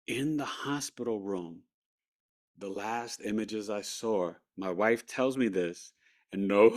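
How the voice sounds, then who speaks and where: Man telling a vivid personal story. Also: fairly low pitch. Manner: animated retelling, acting out quoted voices. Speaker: guest recounting a near-death experience.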